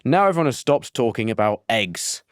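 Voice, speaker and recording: A British man leads a casual podcast chat, tossing out questions with playful energy. His pitch swings widely as he talks, and the sound is dry and close. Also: sing-song, brisk, clean tone, no room sound. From Britain. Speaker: podcast host.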